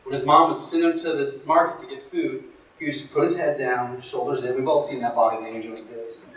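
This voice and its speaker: A man giving a motivational workshop talk, telling stories in a dramatic, emphatic way that swings from hushed to loud. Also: mid-range voice, steady tone, brisk. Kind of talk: storytelling speech to a live audience. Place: workshop room. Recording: echoey room from far off.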